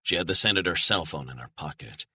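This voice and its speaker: A man reading a thriller audiobook in measured, storytelling narration. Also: deep voice, animated, pushed and bright, breathy edge.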